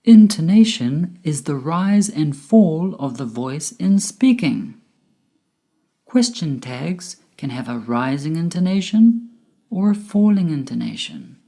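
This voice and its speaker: A woman giving a scripted English grammar lesson, explaining slowly and carefully with clear enunciation. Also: deep voice, big pitch swings, mellow. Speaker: English teacher.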